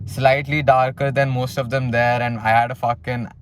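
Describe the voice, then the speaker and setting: A man's voice: mid-range voice, flat delivery, moderate pace, a little hiss or hum. A young man from South India casually telling a personal story in a blunt way, full of swearing and "you know". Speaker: vlogger telling his story.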